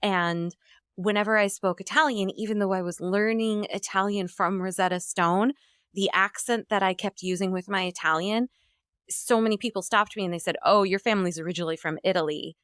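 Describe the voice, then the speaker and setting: A woman's voice: medium pitch, steady tone, normal speed, fairly bright tone, smooth, no room sound, studio quality. A woman from New Jersey chatting casually as podcast host, telling stories with animation and acting out the lines she quotes.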